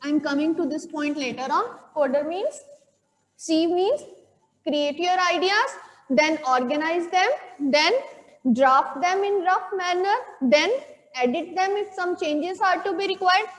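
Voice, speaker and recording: A woman's voice: very high voice, measured pace, big-room sound. A woman teacher with an Indian English accent giving a classroom lecture, explaining step by step, repeating key points and checking with "okay?".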